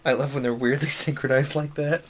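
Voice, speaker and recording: A man's voice: mid-range voice, level tone, fast, heavy background noise. A young man streaming, reading a visual novel aloud with joking, chuckling asides.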